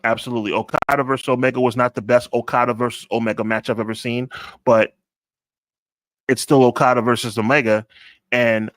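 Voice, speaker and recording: A man hosting a wrestling podcast, giving emphatic opinions and slowing down to stress key points. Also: mid-range voice, flat delivery, a bit bright, dry recording. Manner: emphatic, deliberate, stretches words for emphasis. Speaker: podcast host. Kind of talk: casual podcast review.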